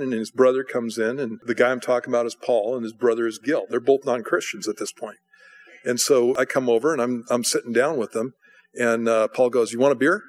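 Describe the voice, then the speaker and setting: A man preaching a sermon in a casual storytelling way, acting out other people's lines in his anecdotes. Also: mid-range voice. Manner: conversational, acts out voices in anecdotes. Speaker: pastor.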